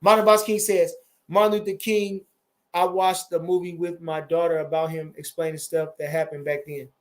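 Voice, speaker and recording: A man in his forties with a fairly high voice, chatting loosely on a livestream and answering viewer comments. He speaks, swears freely, and doubles back on his words with lots of animation. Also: normal speed. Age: 40s. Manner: animated, profane, repeats phrases. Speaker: boxing trainer and livestream host. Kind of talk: casual livestream chat reading viewer comments.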